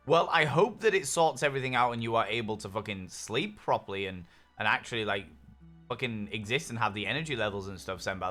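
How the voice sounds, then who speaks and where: Over faint lo-fi music, a game streamer with a lowish voice and sharp tone chats casually with viewers, reading their messages. He stays upbeat and curses freely.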